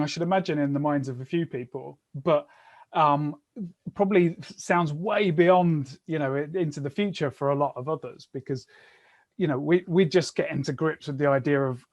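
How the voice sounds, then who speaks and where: Male host, slightly high-pitched voice, reflective, thinks aloud. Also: darkish tone. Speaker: podcast host. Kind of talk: conversational interview.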